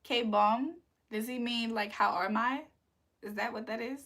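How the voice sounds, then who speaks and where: An American woman hosts a livestream, chatting casually with viewers, reading their comments and answering playfully with frequent laughter. Her voice is on the high side and a bit bright, with a steady tone and measured pace.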